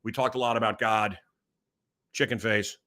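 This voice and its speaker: A man's voice: fairly low pitch, steady tone, normal speed, sharp tone. A man hosting his own show, talking in a loose, rambling monologue that jumps between topics with lots of fillers. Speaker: talk show host. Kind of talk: casual monologue.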